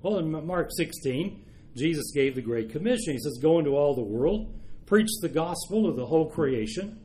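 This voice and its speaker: A man preaching a sermon, reading scripture aloud and explaining it, slowing down to stress key verses. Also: fairly high pitch, animated, dark tone, slight background noise. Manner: measured, slows for emphasis on key verses.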